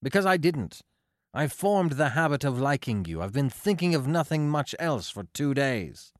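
A blunt, earnest seventeen-year-old boy, as a male narrator reads him in an audiobook. The voice is lively in pitch and recorded dry and close. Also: moderate pace, dry recording, close to an everyday voice. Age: teens. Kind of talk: audiobook character voice.

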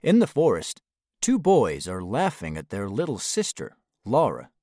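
Low voiced guy reading a kids storybook, swoopy expressive, dry close sound. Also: a little slow, no echo. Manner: expressive read-aloud, drops low on speech tags. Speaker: narrator. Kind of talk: storybook read-aloud.

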